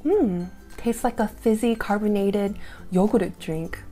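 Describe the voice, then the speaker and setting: A woman's voice: medium pitch, takes it slowly, mellow, soft background music. A young woman in her twenties chatting casually through a taste-test vlog, thinking aloud with fillers. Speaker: food vlogger.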